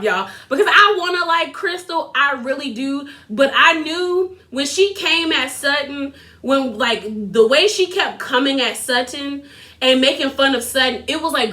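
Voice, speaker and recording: A young woman giving a casual, animated recap of a reality TV episode, sassy and quick to laugh. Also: sits high. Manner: animated, sassy, laughs often, quotes others in put-on voices.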